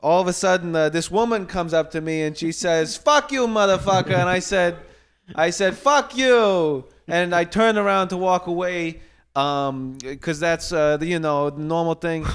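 A man's voice: high-pitched, normal speed, a bit bright, smooth. A man playing a foul-mouthed, hotheaded male stand-up comic with a Boston accent, ranting and swearing nonstop in a mock routine. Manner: swears constantly, rambling angry rant. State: tipsy.

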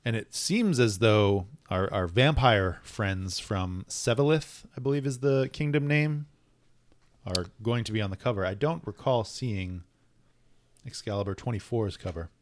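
A man co-hosting a casual comic book chat, thoughtful and measured, often restarting his phrases. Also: fairly low pitch. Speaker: podcast co-host.

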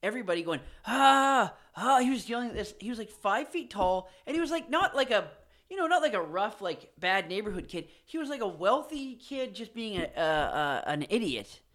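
A man's voice: high voice, big pitch swings, brisk, fairly bright tone. A man in casual chat, telling a story bluntly. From Canada.

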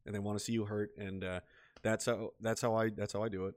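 A man's voice: lowish voice, level tone, fast talker. A man delivering a bitter, profane solo rant as a vlogger, repeating himself as he goes. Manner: profane, repetitive, bitter and heated. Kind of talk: ranting solo monologue.

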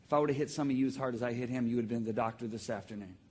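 A man preaching a sermon to a congregation, telling stories with sudden shouts and emphatic, drawn-out phrases. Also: mid-range voice, slightly rough. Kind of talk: sermon with audience call-and-response. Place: church hall with live congregation.

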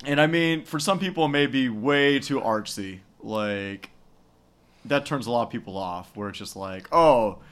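A man co-hosting a podcast, casually retelling a movie's plot with frequent laughs and quick mocking quotes. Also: medium pitch, a bit bright, clear, resonant tone. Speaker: podcast co-host. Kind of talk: casual movie recap chat.

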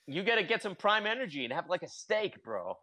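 A man with a lively, swooping voice jokes around in a casual chat, calling everyone bro. His pitch sits slightly high and bounces as he riffs. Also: brisk. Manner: joking bro-speak, says bro constantly. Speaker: podcast co-host.

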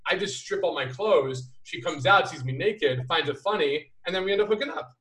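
Brief: man, a bit high, lively raconteur, roomy sound, set back from the mic. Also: fairly quick, far from the mic. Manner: animated, acts out quoted voices. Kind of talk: casual storytelling chat.

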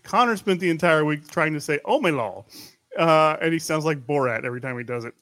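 A man's voice: on the high side, fast, fairly bright tone, clean tone, no echo. Chatty laughing man on a podcast. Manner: rambling, laughing storyteller with restarts. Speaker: podcast co-host. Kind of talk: casual chat.

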